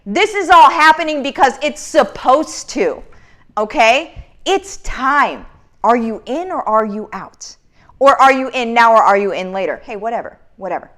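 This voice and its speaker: A woman's voice: on the high side, expressive, normal speed, a bit bright. A woman in her thirties hosting a casual live Q&A, reading out viewer comments in an upbeat, motivational way. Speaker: live Q&A host.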